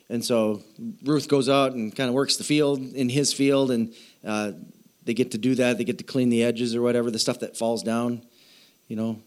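A middle-aged man preaching a sermon in a casual, joking way, retelling the story with plenty of animation. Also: medium pitch. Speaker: pastor.

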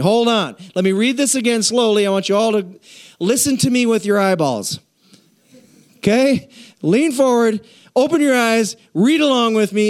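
High-voiced energetic male preacher. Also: normal speed. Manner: energetic, playful, calls out to the congregation. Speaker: pastor. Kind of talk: sermon. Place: church.

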